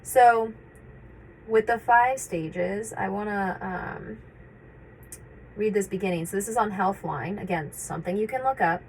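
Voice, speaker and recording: A woman's voice: medium pitch, a little slow, slight background noise, rough recording. Reflective woman talking casually. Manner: conversational, reflective, frequent fillers and restarts. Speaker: vlogger sharing personal experience. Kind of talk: casual personal talk.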